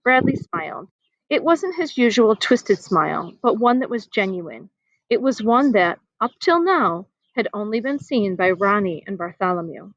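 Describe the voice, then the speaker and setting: A woman reading a children's novel aloud outdoors in the wind, animated and giving the characters voices. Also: medium pitch, moderate pace, no room sound, lo-fi sound. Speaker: reader. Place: outdoors, windy.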